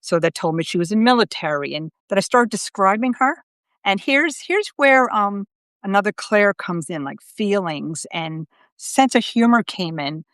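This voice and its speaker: A middle-aged woman hosting a show as a psychic medium, chatting casually and telling lively stories in which she acts out the lines of the people in them. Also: mid-range voice, normal speed, no room sound. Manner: lively storyteller, acts out quotes with laughter. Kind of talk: casual conversational chat.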